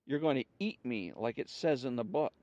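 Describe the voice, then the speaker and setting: A man's voice: medium pitch, moderate pace, darkish tone, no room sound, natural voice. A man voicing a tough old grandmother in a fairy-tale joke, who defiantly holds off a wolf.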